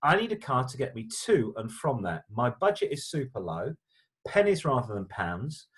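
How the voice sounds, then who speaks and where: A man's voice: mid-range voice, moderate pace. A middle-aged man co-hosting a car show, chatting casually through viewer letters in a jokey, stammering way. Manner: lively, jokey, stammering restarts.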